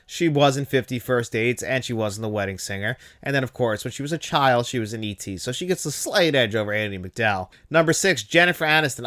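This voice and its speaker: Give me an enthusiastic male host with a clean, smooth voice talking movies casually. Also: medium pitch, a bit bright. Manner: enthusiastic, laughs at quoted lines.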